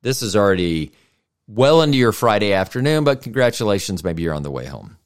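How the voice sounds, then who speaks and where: A middle-aged American man talks alone into his podcast mic in a very deep, low voice. He rambles casually, thinks out loud and makes fun of himself along the way. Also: big pitch swings, a little fast. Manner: rambling, self-deprecating, thinks aloud. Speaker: podcast host. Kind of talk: casual solo podcast monologue.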